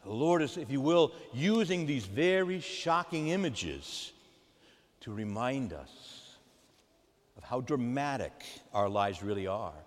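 A man preaching a sermon as a priest, emphatic, swinging between loud outbursts and hushed asides. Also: mid-range voice, expressive, takes it slowly. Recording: long church reverb.

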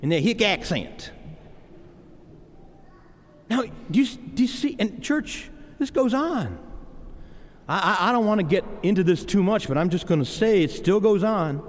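Preacher guy, high voice jumping all over, talks right at the church, big echoey hall. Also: measured pace, pauses often. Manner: animated, emphatic, addresses congregation directly. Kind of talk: sermon. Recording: reverberant hall.

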